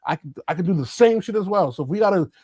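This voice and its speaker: Male co-host, high-pitched, fired-up and emphatic, dry close sound. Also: animated, fast, a little mellow, breathy edge, no room sound. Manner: passionate, ranty, emphatic. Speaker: podcast co-host. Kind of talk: casual chat.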